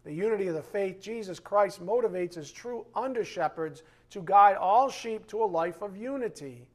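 A man teaching a bible lesson, emphatic, slowing down to read scripture aloud and dropping to quiet asides. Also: high-pitched, animated.

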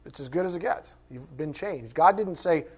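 A man's voice: a little high, lively intonation, normal speed, husky. A man teaching a Bible class in a conversational way, asking rhetorical questions and acting out quoted voices. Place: classroom with a board.

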